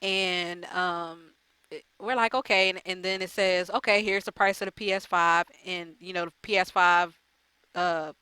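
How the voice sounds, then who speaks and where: A woman's voice: lowish voice, fairly even intonation, measured pace, pushed and bright, smooth, dry recording. A woman gaming YouTuber chatting casually to her viewers, rambling and profane with lots of fillers. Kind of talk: casual chat to camera.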